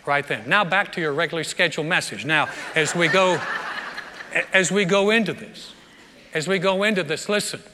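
Bright-voiced pastor preaching in a reverberant hall. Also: male voice, high-pitched. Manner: conversational preaching with frequent word repeats. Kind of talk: sermon. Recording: long reverb of a large hall.

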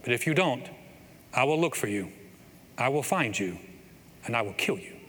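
A man doing an impression of a grim film father who makes slow, measured threats to a kidnapper. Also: mid-range voice, very animated, fairly bright tone, a little hiss or hum, pitched below the performer's own voice. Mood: menacing. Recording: long hall reverb, faint ambience.

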